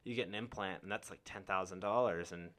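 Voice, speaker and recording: A man's voice: deep voice, fairly quick, fairly bright tone. A young man hosting a podcast in casual chat, laid-back and encouraging, full of "like" and "um". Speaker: podcast host.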